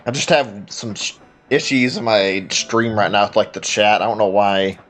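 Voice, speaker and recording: A man's voice: on the low side, fairly even intonation, normal speed, a bit bright, soft background music. A man streaming a video game, rambling and muttering to himself in casual commentary. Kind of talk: casual let's-play commentary.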